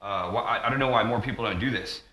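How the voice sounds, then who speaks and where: A man talking through a loose monologue vlog, drifting from tangent to tangent and restarting his sentences. His voice is lowish with a bright, forceful edge. It bounces around an echoey room. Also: fast talker. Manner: tangent-heavy, full of fillers and restarts. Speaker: vlogger.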